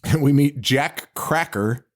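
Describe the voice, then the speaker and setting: A man's voice: mid-range voice, takes it slowly. A man in his thirties hosting a podcast, chatting casually about a film, laughing often and acting out lines. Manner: animated, laughs often, acts out quotes. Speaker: podcast host.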